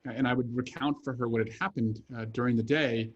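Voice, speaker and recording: A man's voice: medium pitch, fairly even intonation, brisk, dull audio. A man in his thirties, an author and congressman, talking earnestly with many "uh" fillers during a video-call interview. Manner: frequent "uh" fillers, earnest and fluent.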